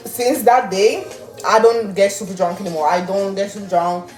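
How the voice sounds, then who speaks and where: A young woman, telling a story casually to her viewers in an animated, swearing manner and laughing often. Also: medium pitch, moderate pace. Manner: animated, swearing, laughing, reading chat aloud. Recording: roomy with faint music.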